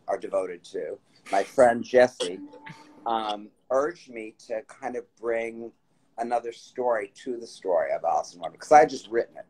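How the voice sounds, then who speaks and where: A man's voice: lowish voice, breathy edge, rough recording. A man hosting a casual phone live stream, telling rambling stories with many restarts. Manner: warm storytelling, rambling with restarts. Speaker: writer and host of the stream.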